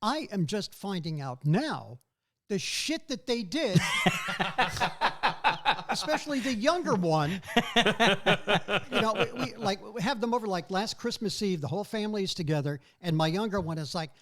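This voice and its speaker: A man in his sixties, a guest on a podcast, telling stories from his childhood in a casual, animated way. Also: sits high, a little slow, long pauses. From New York. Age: 60s. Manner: animated, mimics his mother's voice. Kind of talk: casual storytelling.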